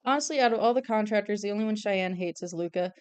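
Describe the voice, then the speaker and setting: A woman's voice: medium pitch, fast, clean tone, no room sound. A young woman streaming her drawing, chatting casually in a rambling, self-deprecating way and laughing often. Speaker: streamer and artist. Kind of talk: casual chat while drawing.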